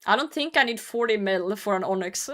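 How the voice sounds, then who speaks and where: A woman's voice: mid-range voice, animated, a little fast, a bit bright. A woman streamer chatting casually with her viewers while she plays, laughing often and swearing lightly. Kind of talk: casual livestream chat while gaming.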